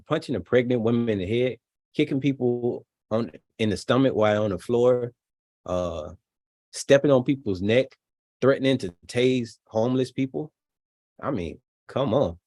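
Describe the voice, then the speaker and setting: A man's voice: mid-range voice, a little mellow, no echo. A man hosting a live stream, reacting to a video with chatty, laughing asides and reading viewer comments. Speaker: channel host reacting to a video.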